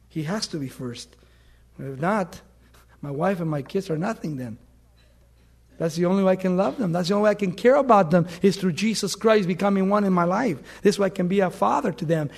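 A middle-aged man preaching a sermon, telling stories and swinging from loud emphatic bursts to soft hushed words. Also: high-pitched. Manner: storytelling with anecdotes, fillers and restarts.

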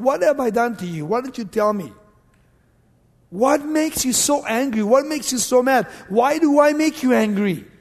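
A male preacher voicing a young man who earnestly pleads with an angry king, raising his pitch a little. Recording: long reverb of a large hall.

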